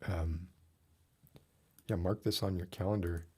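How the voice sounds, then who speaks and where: Dude ranting at his stream chat, kinda husky, voice jumps up when he gets worked up. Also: sits low, fairly even intonation, unhurried, darkish tone. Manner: rants with mock outrage, voice rising when worked up. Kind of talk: casual chat with a live audience.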